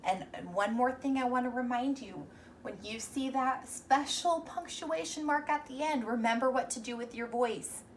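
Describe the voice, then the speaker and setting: A young woman teacher leads a reading lesson for little kids, sounding out words slowly and patiently. Her voice sits a touch high and picks up a little faint room noise, and she sits a bit back from the mic. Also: recorded from a distance.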